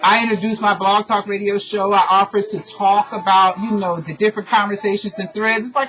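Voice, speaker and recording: A woman's voice: medium pitch, steady tone, a little fast, few pauses, a bit bright. A woman who hosts an online radio show, venting in an emotional, profane personal monologue. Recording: dull lo-fi recording with faint music.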